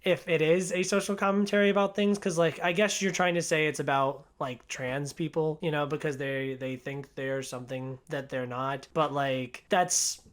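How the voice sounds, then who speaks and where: A man's voice: a little high, steady tone, moderate pace, hardly any pauses, fairly bright tone. Chatty young man reviewing a film. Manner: chatty, rambling, heavy on filler words. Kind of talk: casual spoken movie review.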